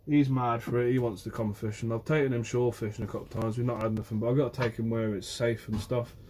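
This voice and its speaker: Young man from Guernsey, fisherman streaming from his phone, casual mid-pitched chat, faint outdoor hum. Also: fairly even intonation, fast talker, a little mellow. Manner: chatty, answers viewers' comments by name. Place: outdoors by the shore.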